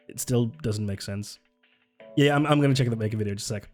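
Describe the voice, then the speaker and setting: A man's voice: medium pitch, fast, faint music behind. A man streaming live, reacting to videos with sarcastic, swear-laden commentary and frequent laughs, close to the mic.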